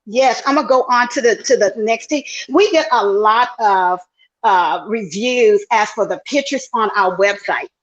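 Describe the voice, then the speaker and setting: A woman's voice: a little slow, a bit bright, dull audio. A woman with a Southern Texas accent, enthusiastically presenting her tea products in a chatty live demo over an earpiece. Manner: exuberant, chatty, sales pitch. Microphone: earpiece, livestream.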